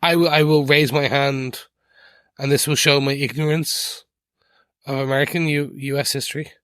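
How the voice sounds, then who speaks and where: A man's voice: mid-range voice, level tone, moderate pace, fairly bright tone, clear, resonant tone, dry recording. A man co-hosting a casual podcast, jokey and self-deprecating. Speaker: podcast co-host.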